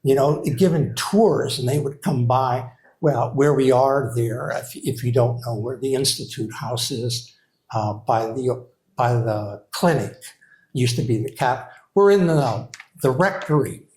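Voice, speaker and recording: An older man speaks to a gathered audience, recalling a late colleague in a loose, hesitant way. He restarts his sentences often and fills pauses with soft "uh"s, at a mid-range pitch. The sound carries the echo of the room. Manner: rambling, hesitant, with many uh fillers and restarts. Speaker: former creative writing program director. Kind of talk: memorial remarks to an audience. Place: hall with a live audience. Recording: echoey room.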